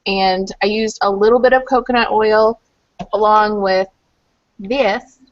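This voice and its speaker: A woman's voice: mid-range voice, steady tone, a little slow. Woman, group call guest, chatty and rambling, muffled webcam sound. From Louisville, Kentucky. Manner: chatty, rambling with many fillers. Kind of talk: casual chat.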